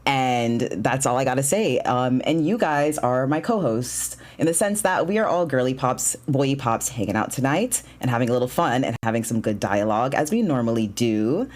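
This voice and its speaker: A man hosting a casual livestream talk show, bubbly and excitable, chatting and greeting viewers. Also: mid-range voice, moderate pace, few pauses. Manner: bubbly and excitable, with bursts of shouting and laughter.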